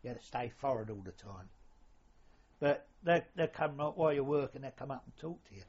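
Husky older man reminiscing. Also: medium pitch, lively intonation, brisk, a little mellow. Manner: rambling, colloquial, mild swearing. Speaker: interviewee, former royal yacht sailor. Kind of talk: casual reminiscing. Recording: lo-fi dull recording.

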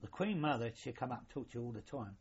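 Speaking a bit quickly with an expressive, breathy medium-pitched voice, this older former royal yacht sailor casually reminisces about life at sea. He wanders from point to point in everyday language with some mild cursing, captured on a lo-fi, muffled recording.

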